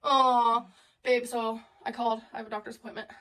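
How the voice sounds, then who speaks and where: A woman's voice: on the high side, level tone, a little fast, fairly bright tone, poor audio. A stuffed-up woman chatting casually and giggling as she cooks in her home kitchen for a vlog. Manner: chatty, giggly, talks to viewers. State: congested from a cold. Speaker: vlogger. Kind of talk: casual cooking vlog chat.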